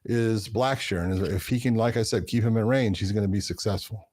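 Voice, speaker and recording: Low-voiced man breaking down fights. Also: steady tone, darkish tone, no room sound, clean studio sound. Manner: measured, explanatory, repeats words when starting. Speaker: podcast co-host, fight analyst. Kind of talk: casual analysis chat.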